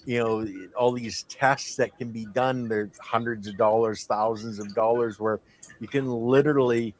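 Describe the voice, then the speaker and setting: A man's voice: mid-range voice, fairly even intonation, moderate pace. A man hosting a casual livestream chat, laid-back and chatty, thanking his guest and talking to the chat. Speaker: host.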